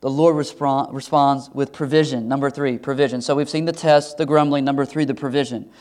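A man's voice: mid-range voice, steady tone, a little fast, a little mellow. A man preaching a sermon as pastor, earnest and conversational, asking the congregation rhetorical questions.

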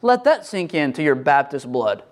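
A middle-aged male pastor preaching a sermon, animated, acting out the voices of biblical figures and church members. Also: on the high side, moderate pace.

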